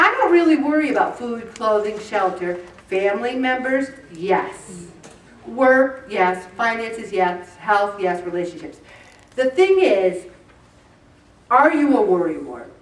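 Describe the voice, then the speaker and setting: A woman in her sixties giving a chatty, self-mocking faith talk to a group and asking them questions. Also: on the high side. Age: 60s. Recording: roomy, distant mic.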